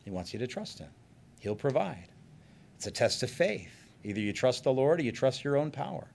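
Man preaching with quiet asides and loud bursts. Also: mid-range voice, sing-song, brisk, vocal fry. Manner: conversational preaching with joking asides; swings from quiet, soft remarks to loud emphatic bursts. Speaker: pastor. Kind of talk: sermon.

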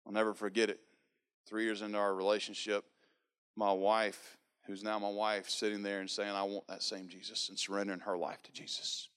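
A man's voice: lowish voice, fairly quick, smooth. A man in his thirties sharing his personal faith testimony in an earnest storytelling manner. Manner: earnest, storytelling, animated quoting. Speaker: speaker giving a testimony.

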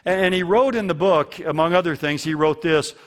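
A man's voice: on the high side, fairly quick. A man preaching a sermon as a pastor, earnest and fond of repeating key lines for emphasis.

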